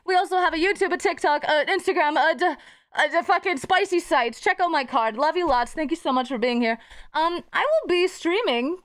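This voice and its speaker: A woman's voice: high-pitched, brisk, fairly bright tone. A woman streamer chatting casually with her live audience, bubbly and giggly and swearing freely.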